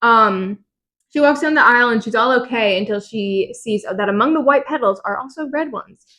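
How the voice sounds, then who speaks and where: A young woman from Miami, co-hosting a podcast, retelling a book's chapters in an animated, jokey way. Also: fairly high pitch, moderate pace, rough recording. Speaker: podcast co-host summarizing chapters. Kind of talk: casual chat.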